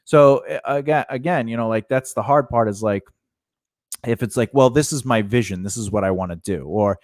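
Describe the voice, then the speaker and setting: A man's voice: medium pitch, brisk, darkish tone, no echo, studio quality. A man co-hosting a home podcast, chatting casually in a rambling way and breaking off to talk to his dog. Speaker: podcast co-host. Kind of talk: casual chat.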